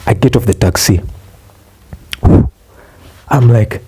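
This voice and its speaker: A young man ranting in a profane, exasperated comic vlog, swearing and bursting out loudly. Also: mid-range voice, animated, measured pace, husky. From Uganda. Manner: exasperated, swearing, loud outbursts. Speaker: vlogger.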